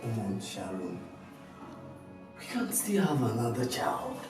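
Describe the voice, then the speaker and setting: Resigned Nigerian husband. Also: male voice, medium pitch, very animated, slow pace, recorded from a distance. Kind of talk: film acting. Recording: heavy echo from afar with music.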